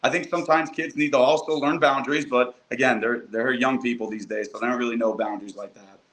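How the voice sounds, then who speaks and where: A young adult man, a college football coach, talks earnestly as a guest on a podcast. He keeps a medium pitch, fills his speech with "you know" and often restarts his sentences. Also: fairly even intonation, fast, fairly bright tone, rough recording. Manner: earnest, lots of fillers and restarts. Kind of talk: casual podcast conversation.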